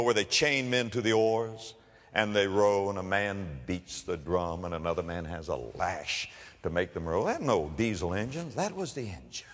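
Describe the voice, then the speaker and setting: A man preaching a sermon, telling stories and rising to loud emphatic declarations. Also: fairly low pitch, in a large hall. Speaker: pastor.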